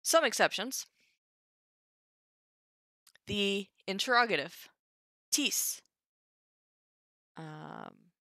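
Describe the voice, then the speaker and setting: A woman's voice: fairly low pitch, pushed and bright, no echo, clean studio sound. A young woman teaching Ancient Greek on a live stream, thinking aloud with wry asides. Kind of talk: casual live-stream lesson.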